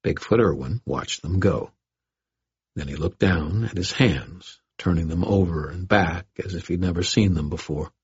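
Deep, husky male narrator; steady, wry first-person reading. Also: moderate pace. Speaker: audiobook narrator. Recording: dull lo-fi audio.

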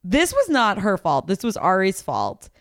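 A woman co-hosting a casual chat podcast, talking fast and giggly with lots of fillers as she recaps a dating show. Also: medium pitch, huge pitch swings, no echo, clean studio sound. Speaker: podcast co-host.

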